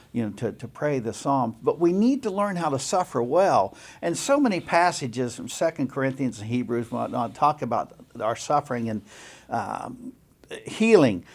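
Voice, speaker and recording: A man's voice: fairly high pitch, darkish tone. A man pastor co-hosting a Bible study podcast, speaking reflectively with frequent restarts.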